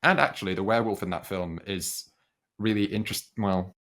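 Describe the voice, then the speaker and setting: Man, 20s, very low voice, casual chat host, meandering delivery. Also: lively intonation, fairly quick, a bit bright. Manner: rambling, self-correcting storyteller. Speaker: film podcast host.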